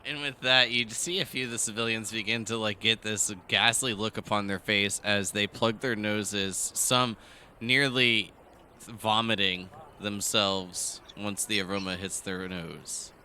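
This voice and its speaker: A man's voice: on the low side, fairly even intonation, measured pace, sharp tone, slight background noise. A man narrating a tabletop game as game master, in loose, rambling descriptions full of fillers.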